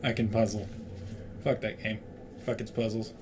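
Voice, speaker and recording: A man's voice: lowish voice, level tone, normal speed, noisy background. A young man co-hosting a casual let's-play, joking and swearing wryly. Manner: profane, joking and wry. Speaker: gaming co-host.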